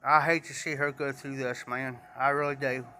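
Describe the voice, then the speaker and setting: A man's voice: mid-range voice, little pitch movement, normal speed, bright, forceful tone, a little hiss or hum. A man telling a rambling, repetitive story to viewers in a casual live stream. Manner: rambling, repeats himself, talks straight to viewers.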